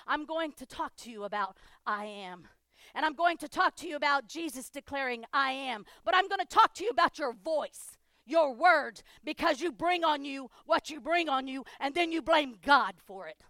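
A woman pastor preaching a sermon, driving home repeated declarations and swinging between loud proclamations and hushed asides. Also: sits high, animated, normal speed, no echo, studio quality.

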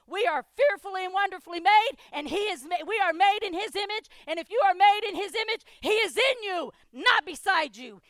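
A woman pastor preaching a sermon, driving home repeated declarations and swinging between loud proclamations and hushed asides. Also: very high voice, no room sound, studio quality.

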